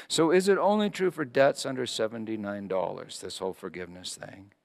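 A man's voice: medium pitch, creaky. Impassioned male pastor in a reverberant church. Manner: impassioned, swinging between loud peaks and hushed lines. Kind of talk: sermon with a told story.

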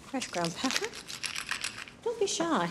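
A very noisy recording captures an exaggerated, high-pitched woman's voice taking it slowly with huge pitch swings. In a 1960s television drama, she acts as an exuberant, chipper TV cook in her fifties, tall and cheerful, appearing as a cooking show guest and warbling theatrically with French phrases mixed in.

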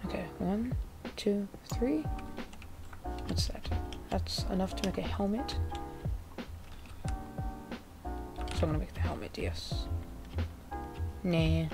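A woman with a gravelly voice giving chatty, laid-back, self-mocking commentary over her gameplay. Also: medium pitch, slow pace, long pauses. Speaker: gaming video creator. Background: background music, keyboard typing.

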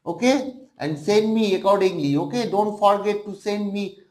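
A man's voice: sits high, darkish tone. A man teacher with an Indian English accent reading a folk tale aloud to his online class, stopping to explain words. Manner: slow, halting reading with restarts and glosses.

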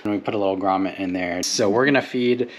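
A man's voice: on the low side, fast talker. A man in a casual how-to vlog, explaining step by step with fillers while working on a truck in a driveway outdoors.

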